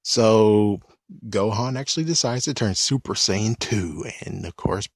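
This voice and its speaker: A man's voice: lowish voice, unhurried, no room sound, studio quality. A man giving a casual, rambling recap of a cartoon episode, exasperated and swearing mildly. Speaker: video commentator.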